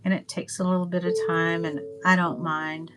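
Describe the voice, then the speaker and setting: An older Southern-accented woman from Northwest Florida crafts on a livestream, speaking in a lowish, level voice at a moderate pace. She rambles chattily and trails off with ums, with music playing in the noisy background.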